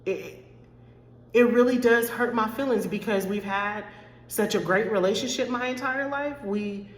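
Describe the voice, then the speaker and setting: A woman's voice: on the high side, normal speed. A woman life coach talking candidly to her followers, choked up and close to tears, repeating herself and calling her viewers y'all. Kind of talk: direct-to-camera talk to followers. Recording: echoey room with long reverb.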